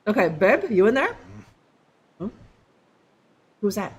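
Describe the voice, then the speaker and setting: Chatty, animated young woman streamer. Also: mid-range voice, slow, slight background noise. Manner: rambling, joking, filler-heavy. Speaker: livestream gamer. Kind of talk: casual live gameplay commentary.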